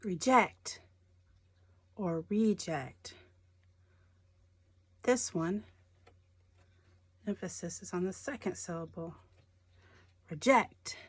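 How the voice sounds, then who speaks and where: A woman teacher explaining word stress in a slow, deliberate way, stressing each syllable. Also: lowish voice, husky, dry recording. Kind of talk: recorded lesson on homographs.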